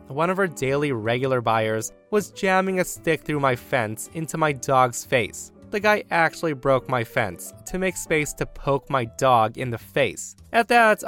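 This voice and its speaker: Smooth-voiced man narrating a revenge story. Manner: storytelling with emphatic swings in pitch and loudness. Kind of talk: reading a first-person revenge story.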